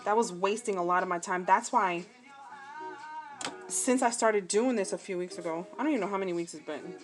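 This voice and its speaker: Fairly quick and mid-range, this voice belongs to a crafting vlogger from New Jersey in her forties. Sewing as she talks, she rambles into tangents and jokes at her own expense, with music playing behind her.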